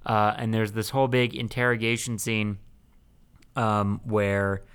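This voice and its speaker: A young man co-hosting a podcast, recapping a movie in casual chat, rambling with lots of ums and quick laughs. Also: on the low side, flat delivery, fairly bright tone, clear, resonant tone. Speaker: podcast co-host.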